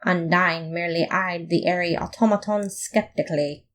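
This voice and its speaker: Woman reader, slow and animated, playful comic podfic narration. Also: lowish voice. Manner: playful, expressive. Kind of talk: first-person comic story narration.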